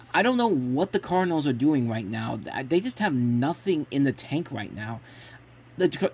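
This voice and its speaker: A man hosting his own sports show, casually talking through football predictions and often stopping to restart or correct himself. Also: medium pitch. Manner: rambling, frequent restarts and self-corrections. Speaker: sports blog host.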